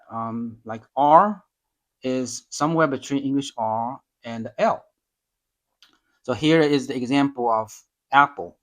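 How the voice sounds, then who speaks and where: A man talking through his own language notes in a casual, halting way, full of ums and restarts. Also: medium pitch, a bit bright. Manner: slow, hesitant, many ums and restarts. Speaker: language learner reviewing lessons. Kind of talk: casual self-study explanation.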